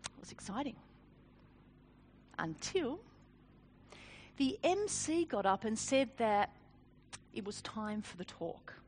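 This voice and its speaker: A woman giving a sermon, telling a personal story in an animated, self-deprecating way with frequent laughs. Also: a little high, slow, pauses often, a little hiss or hum. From Australia. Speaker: speaker.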